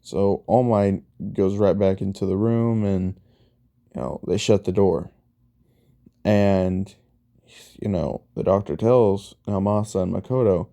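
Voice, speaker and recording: Slow, dark-voiced man rambling through a story. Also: low-pitched, steady tone, creaky. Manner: rambling, filler-heavy retelling. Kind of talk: casual fan-story narration.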